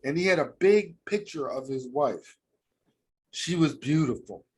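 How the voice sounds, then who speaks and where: A man's voice: on the high side, lively intonation, unhurried, husky. A man with an American accent, co-hosting a podcast and telling a heartfelt work story in casual, slangy chat. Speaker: podcast co-host.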